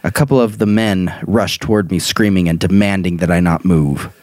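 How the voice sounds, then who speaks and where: A man's voice: low-pitched, normal speed, darkish tone, no echo. A young man casually reading a funny dream story aloud, laughing often and breaking into banter. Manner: laughs often, puts on silly voices in quotes.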